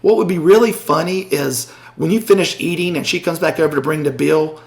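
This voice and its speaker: Man, middle-aged, gravelly voice, podcast co-host, casual storytelling, animated quoted voices. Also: fairly high pitch, a little fast.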